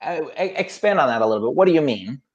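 A man hosting a casual podcast, reading questions briskly with quick playful quips, over a remote call. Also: a little high, expressive, lo-fi sound. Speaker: podcast host asking questions.

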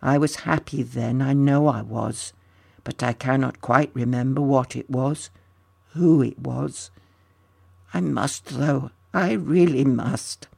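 A storyteller voicing a slow, dreamy male dragon. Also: medium pitch, gravelly, slightly rough, full character voice. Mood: wistful. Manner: slow, wistful, hushed.

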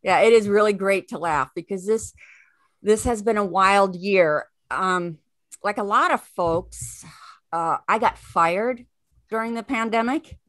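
A woman doing a stand-up set with dark, deadpan jokes. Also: mid-range voice, unhurried, no room sound, studio quality. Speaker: stand-up comedian.

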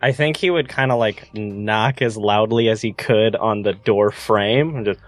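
A man's voice: on the low side, measured pace, dry recording, faint music behind. A man playing a tabletop game, hesitant and thinking aloud as he decides what his character does. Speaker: player. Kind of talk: casual tabletop play.

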